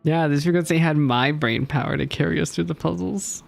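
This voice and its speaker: A man's voice: on the high side, fairly quick, creaky, no echo. A man casually commenting while he plays a game, chatty, joking and easily flustered. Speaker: streamer reacting to a game.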